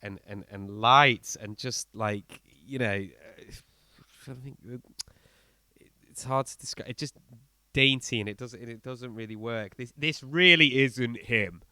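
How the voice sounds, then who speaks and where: A man co-hosting a podcast, talking in a casual, blunt and animated way with many fillers and restarts as he reviews an album. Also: medium pitch, measured pace, clean tone, dry recording. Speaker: podcast co-host.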